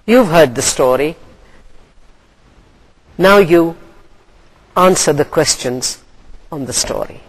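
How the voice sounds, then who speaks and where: A woman from Pakistan, an English lecturer reading a story aloud and then going over comprehension questions in a deliberate, expressive way. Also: deep voice, poor audio.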